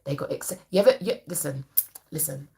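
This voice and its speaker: A woman therapist talks to camera in an emphatic, preachy, colloquial way. Her voice sits low with a gravelly edge. She gives a motivational talk. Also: expressive, fairly quick, warm tone, slight background noise.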